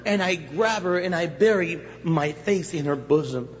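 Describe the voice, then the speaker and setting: Middle-aged pastor telling his story in a high voice. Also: normal speed. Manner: animated storyteller, acts out scenes, swings from loud to hushed. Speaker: guest pastor. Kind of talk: testimony sermon. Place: church sanctuary. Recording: dull recording with long hall reverb, faint noise.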